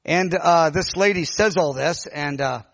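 A man's voice: fairly high pitch, measured pace, vocal fry, fairly bright tone, dull audio. A man, a pastor, tells a story in a sermon with many fillers and restarts and keeps changing his voice for the people in it.

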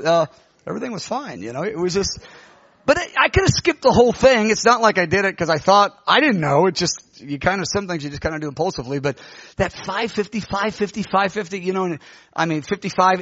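A middle-aged man, a pastor telling a lively story in a sermon and acting out the voices of the people in it. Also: high voice, no room sound. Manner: animated, acts out quoted voices. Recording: dull lo-fi recording.

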